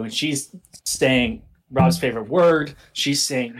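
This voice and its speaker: Husky young man telling a story. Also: mid-range voice, moderate pace. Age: young adult. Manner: animated, swearing, laughs through his story. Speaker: podcast co-host. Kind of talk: casual storytelling.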